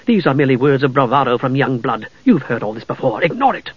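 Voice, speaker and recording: A man voicing a quiet, solemn hero who recites a slow prayer for the dead, in a dull, dry recording. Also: mid-range voice, sing-song, breathy edge, no room sound. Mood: urging. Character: solemn grieving half-elf hero.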